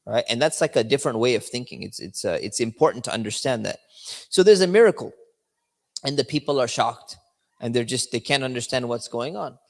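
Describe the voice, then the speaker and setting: A man's voice: medium pitch, expressive, a little fast. A man giving a religious lesson in a conversational, explaining manner, checking in with his listeners as he goes. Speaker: religious teacher. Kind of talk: religious lecture. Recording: long hall reverb.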